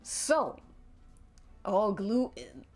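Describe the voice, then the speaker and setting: A woman's voice: mid-range voice, big pitch swings, extremely slow, a little mellow. A woman narrating a tabletop game as game master on a live stream, giggling often between lines. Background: faint background music.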